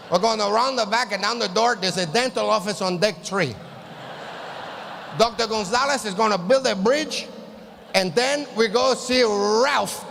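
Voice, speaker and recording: A man's voice: high voice, gravelly, fairly bright tone. A man voicing a cheerful male scuba dive guide, in a breezy tour-guide patter during a stand-up set. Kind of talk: stand-up comedy bit. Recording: live hall reverb, faint noise.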